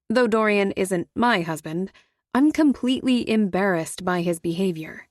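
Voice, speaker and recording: A woman reads a first-person thriller in a measured voice with a wry edge. She is recorded on a close mic with a dry, dead sound and no room around her. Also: medium pitch, lively intonation, no echo. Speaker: audiobook narrator. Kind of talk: first-person audiobook narration.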